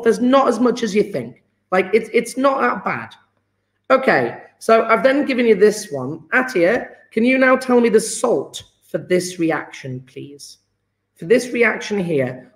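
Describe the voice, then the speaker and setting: A man's voice: high-pitched, roomy sound. A man teaching a chemistry lesson online, encouraging and upbeat, cracking jokes with his students.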